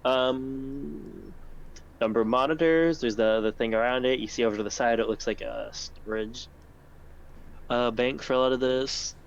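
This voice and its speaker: A man's voice: medium pitch, fairly even intonation, moderate pace, lo-fi sound, a little hiss or hum. A man narrating a tabletop game as game master, describing scenes in a loose, rambling way with many fillers.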